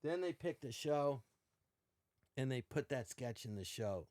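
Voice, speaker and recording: A man's voice: mid-range voice, unhurried, a little hiss or hum. An older man, a podcast guest, telling stories in casual chat and acting out quoted lines with shifting voices. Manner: animated, acts out quotes in varied voices.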